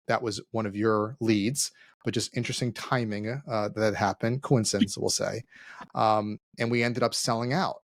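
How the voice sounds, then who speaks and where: Animated storytelling man, dry sound. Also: on the low side, no echo. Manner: animated storyteller, acts out quoted dialogue. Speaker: podcast co-host, CEO. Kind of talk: casual podcast conversation.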